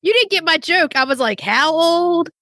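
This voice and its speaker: A woman co-hosting a podcast in casual chat, playful and quick to joke. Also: very high-pitched, lively intonation, pushed and bright, no echo, studio quality. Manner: playful, jokey, laughs often. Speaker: podcast co-host.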